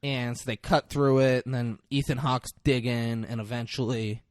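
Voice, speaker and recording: A man on a casual podcast retells a movie with lively energy, breaking into loud acted-out lines. His voice sits at an ordinary middle pitch. The sound is close and dry, with no room around it. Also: moderate pace, dry recording. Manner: animated retelling, acting out lines in loud bursts. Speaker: podcast co-host recapping a film. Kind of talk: casual chat.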